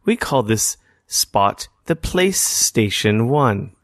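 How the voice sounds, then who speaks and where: A man putting on the calm, gentle voice of a game's tutorial guide. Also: medium pitch, a little slow, dry recording, clean studio sound. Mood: calm instructive. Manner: calming, gently instructive.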